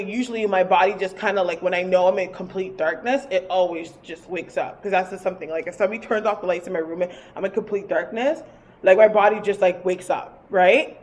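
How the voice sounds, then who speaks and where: A woman working as a psychic medium, telling a personal story in a casual, rambling way, full of fillers and swearing. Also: mid-range voice. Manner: animated, rambling, filler-heavy and profane.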